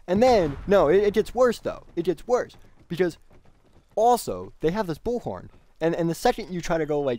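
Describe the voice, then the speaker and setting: A man's voice: a little high, lively intonation, brisk, dark tone. A man doing casual gameplay commentary as a gaming YouTuber, rambling and ranting with plenty of profanity.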